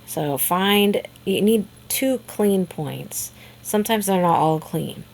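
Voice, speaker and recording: A woman teaching a high school math lesson in a casual, chatty way, with frequent fillers and restarts. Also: expressive, slow, vocal fry, darkish tone, a little hiss or hum. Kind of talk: classroom lecture video.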